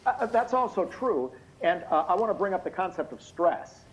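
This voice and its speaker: A tired, slightly hoarse man giving expert courtroom testimony over a video call, explaining things in a measured way with many hesitant fillers. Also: high-pitched, very animated. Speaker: expert witness. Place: indoor room at night. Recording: muffled video call audio.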